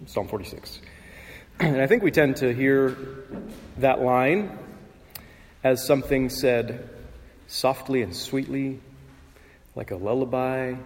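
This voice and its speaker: A man's voice: mid-range voice, darkish tone. Man preaching in a reverberant church. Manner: measured, conversational preaching with filler pauses and throat clearing. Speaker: pastor. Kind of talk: sermon. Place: church sanctuary. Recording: long reverb of a church hall.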